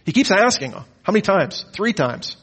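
A man teaching a Bible lecture, with a lively, questioning delivery and mock-incredulous asides. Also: high-pitched, moderate pace, slightly rough. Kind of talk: lecture on the Gospels.

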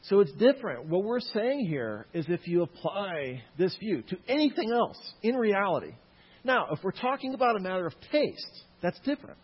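A man's voice: a little high, husky. A man lecturing a live audience on Christian apologetics, with jokey asides to the crowd. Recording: echoey hall, dull lo-fi sound.

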